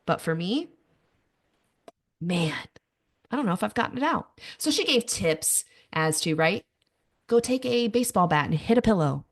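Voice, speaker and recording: A woman's voice: mid-range voice, animated, moderate pace, long pauses. A woman in her thirties hosting a podcast, telling personal stories candidly with self-mocking asides. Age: 30s. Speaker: podcast host. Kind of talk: personal monologue.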